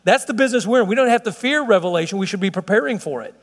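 Brief: middle-aged male pastor, high-pitched, earnest and chatty, church hall with long echo. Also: animated, very fast. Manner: earnest, conversational preaching with frequent restarts and chuckles. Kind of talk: sermon.

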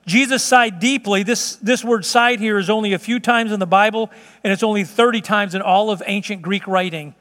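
A man preaching a sermon in an emphatic, conversational way, at times dropping to slow, hushed tones. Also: sits high. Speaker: pastor. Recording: long reverb of a large hall.

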